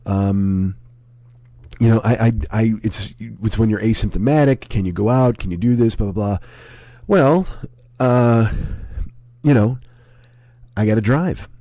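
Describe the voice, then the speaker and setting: A man in his forties with a hoarse, sick voice, rambling and swearing through a casual podcast monologue at home. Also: lowish voice, measured pace, pauses often, mellow, no echo. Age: 40s. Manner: profane, rambling, self-deprecating. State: hoarse, sick with a sore throat. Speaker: comedy podcast host.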